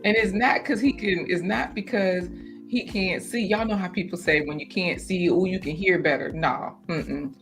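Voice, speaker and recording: A woman hosting a garden livestream in casual chat, animated and chatty, breaking into laughter often. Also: fairly low pitch, normal speed, music in the background.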